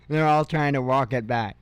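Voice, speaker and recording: A man's voice: mid-range voice, clear, resonant tone, no echo. A man in his fifties hosting an independent news show, reading headlines aloud and adding sarcastic asides and chuckles. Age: 50s. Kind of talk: casual headline reading with commentary.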